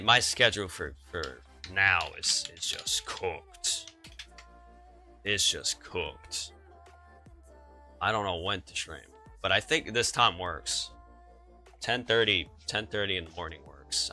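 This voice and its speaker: A teenage boy streaming a game chats with viewers through his headset mic, rambling, repeating himself and chuckling now and then. His voice is low-pitched with a sharp tone, and the audio quality is poor.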